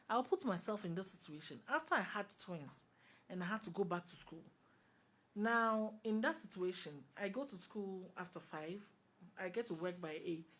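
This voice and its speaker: Emphatic Ghanaian woman on a talk show. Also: mid-range voice. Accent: Ghanaian English. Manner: emphatic and forceful, stresses points by repeating them. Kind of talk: passionate opinionated talk show discussion.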